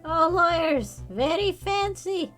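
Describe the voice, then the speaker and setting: A woman voicing a fussy, effusive male elephant chocolatier in game dialogue she reads aloud, with a theatrical, squeaky delivery. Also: lively intonation, takes it slowly, a bit bright, soft background music, exaggerated voice. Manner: over-the-top, theatrical, squeaky.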